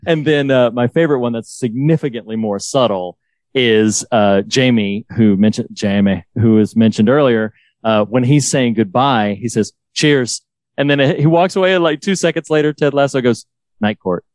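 A man's voice: mid-range voice, normal speed, a little mellow, dry recording. A man co-hosting a podcast in casual chat, enthusiastically retelling favorite lines from a series. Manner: enthusiastic, quotes lines from the show. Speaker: podcast co-host.

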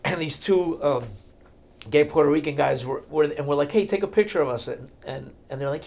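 A middle-aged man, a guest in a casual chat, telling stories with animated bursts of laughter. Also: a little high, fairly quick, gravelly.

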